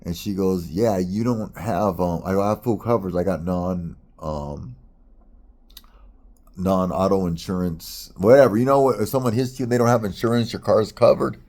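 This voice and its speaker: Low and darkish, with fairly even intonation and normal speed, this middle-aged American vlogger rants through a drawn-out, annoyed tale. He curses freely and keeps starting over.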